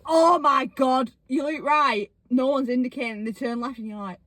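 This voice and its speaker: A woman's voice: high voice, moderate pace, fairly bright tone. A young woman, chatting casually in a parked car, swearing freely and acting out quotes. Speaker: podcast co-host. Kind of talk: casual chat.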